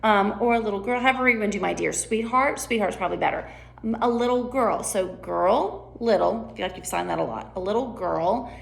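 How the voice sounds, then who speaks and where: A woman's voice: medium pitch, fairly quick, gravelly, echoey room. A woman coaching actors on signing their lines for a play, explaining in a chatty way. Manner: chatty, explaining, frequent "right?" and "um". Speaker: sign language coach. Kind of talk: teaching signs for a play rehearsal.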